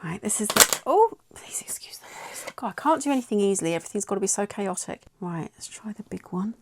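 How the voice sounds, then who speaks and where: A middle-aged woman with an English accent talks in a casual, chatty vlog. She is excitable and gushing, with a voice of ordinary pitch. A faint noise sits behind her. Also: fast talker. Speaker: vlogger.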